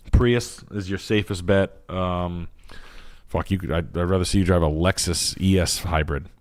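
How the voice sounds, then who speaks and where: A man's voice: low voice, fairly even intonation, moderate pace, a little mellow, no room sound, studio quality. A man hosting a livestream, giving blunt, crude advice and swearing freely in casual chat. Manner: crude, joking, swears a lot. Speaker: host.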